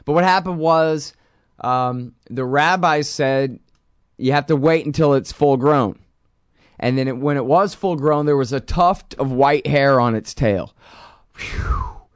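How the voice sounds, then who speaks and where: A man talking in a sardonic, rambling commentary style, voice jumping up in pitch for emphasis. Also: measured pace, smooth, no room sound, clean studio sound. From Texas. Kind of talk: casual spoken commentary.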